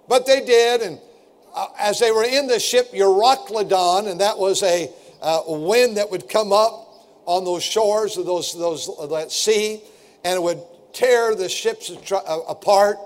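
A man preaching a fervent sermon and reading scripture aloud to his congregation. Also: high voice. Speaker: pastor.

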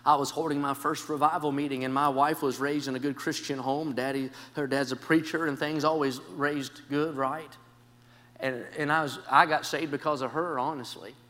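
In the long reverb of a large church sanctuary, a traveling preacher delivers a revival sermon in a fairly high voice at normal speed with fairly even intonation. He tells stories with great passion, swinging from hushed tones to shouts, and keeps leaning on "can I say" as a preaching cue.

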